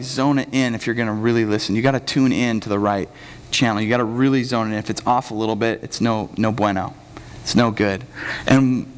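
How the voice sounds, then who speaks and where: A young man giving a sermon as pastor, talking casually and joking, acting out quotes in lively voices. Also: lowish voice. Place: church hall. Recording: long hall reverb.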